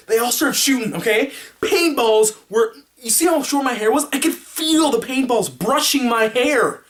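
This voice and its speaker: A man vlogging, telling a story casually to the camera, rambling and animated, making his own sound effects. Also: high voice, moderate pace.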